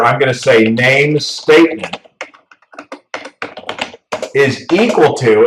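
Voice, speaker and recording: A man's voice: medium pitch, a bit bright, far from the mic. A man teaching a programming class as a casual walkthrough, talking through each step and often checking in with "right?". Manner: casual, talks through steps, tags "right?". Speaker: programming instructor. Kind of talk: screen-recorded coding lesson. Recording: roomy echo, voice off-mic.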